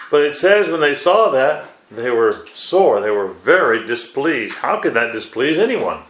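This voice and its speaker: A man preaching a sermon at a middle pitch, his voice ringing out in a roomy space. He asks the congregation rhetorical questions and exclaims "wow" between his points. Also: a bit bright. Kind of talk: Bible sermon.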